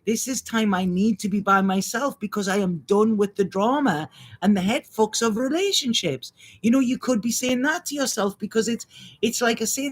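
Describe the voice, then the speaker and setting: A woman giving an improvised spiritual reading, halting and rambling as she restarts her phrases. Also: fairly high pitch. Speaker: astrology and intuitive reader.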